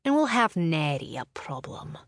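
A woman's voice: low voice, very animated, dry recording, heavily acted. A woman voicing a proud, teasing clan laird in a storybook reading. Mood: gruff, teasing. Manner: slow, dry, quipping.

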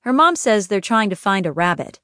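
A woman narrating an audiobook in a gentle, even storytelling manner. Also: mid-range voice, fairly quick, smooth, dry recording, clean studio sound. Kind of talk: scripted narration.

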